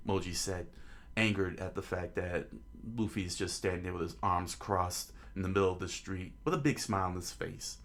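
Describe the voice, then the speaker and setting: A man casually reading a story aloud, halting often to restart lines and getting excited in the action. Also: low-pitched. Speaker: reader.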